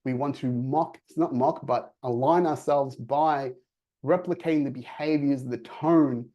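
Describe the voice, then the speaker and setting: A man's voice: medium pitch, unhurried, dull audio. A man giving a sales coaching talk on a video call, energetically acting out quoted dialogue. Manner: energetic, acts out quoted dialogue in lively voices. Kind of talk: presenting to a virtual audience.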